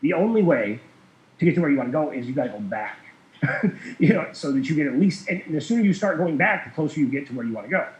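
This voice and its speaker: A man's voice: fairly high pitch, expressive, fast. A man telling a long story in casual chat, rambling with many fillers and small chuckles. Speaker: guest. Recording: roomy, dull lo-fi sound.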